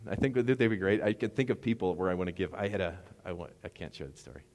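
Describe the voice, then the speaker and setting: A man's voice: deep voice, fast talker, a little mellow, in a large hall. A middle-aged man preaching a sermon as pastor, rambling and conversational with asides.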